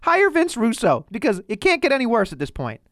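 A podcast co-host in casual wrestling chat, talking in a fast, animated, exasperated way. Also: mid-range voice, dry recording, clean studio sound.

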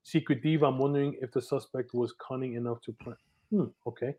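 A man's voice: medium pitch, steady tone, quick pace, warm tone. Male co-host, upbeat chat-reading delivery, mid-range voice. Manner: upbeat, reads names with a lift. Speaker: podcast co-host. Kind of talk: reading chat messages aloud on a live stream.

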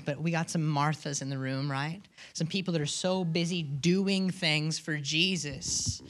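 A woman pastor preaching a sermon in an earnest way, often restarting and repeating words and asking the congregation questions. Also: on the low side.

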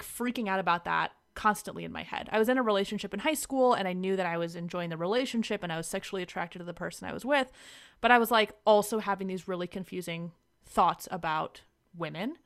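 A woman's voice: mid-range voice, fast talker, clean tone. A young woman, a guest in an interview, telling personal stories in a chatty way with frequent laughter and lots of "like". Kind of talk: casual storytelling interview.

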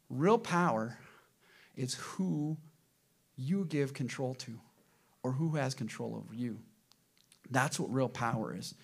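Pastor guy preaching to his church, kinda high voice, gets loud then drops real soft, keeps asking the crowd questions. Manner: dynamic preacher, swings from loud emphatic to soft and low; asks the congregation rhetorical questions. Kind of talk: sermon.

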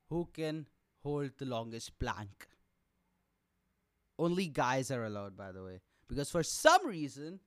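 A young man with an Indian accent and a hoarse, coughing throat, ranting sarcastically and profanely in a casual solo podcast. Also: mid-range voice, no room sound. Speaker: podcast host.

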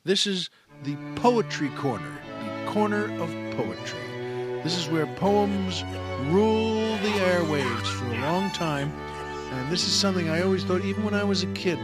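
Chatty man hosting a show, slightly high voice. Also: expressive, normal speed, over loud music. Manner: chatty, folksy, self-amused. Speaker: radio host. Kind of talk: casual storytelling monologue.

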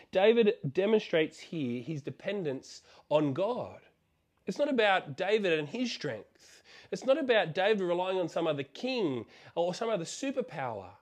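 Preacher guy telling a bible story, lively, slightly high voice, keeps asking questions. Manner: animated storyteller, rhetorical questions.

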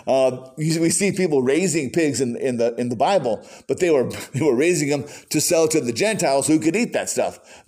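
A man preaching a sermon as pastor, folksy and animated, with conversational asides. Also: on the high side.

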